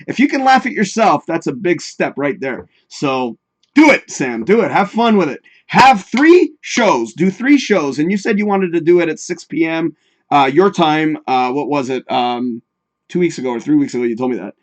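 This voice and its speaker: A man's voice: a little high, lively intonation, normal speed. A man hosting a live talk show in casual, rambling chat, swearing freely and talking straight to his viewers.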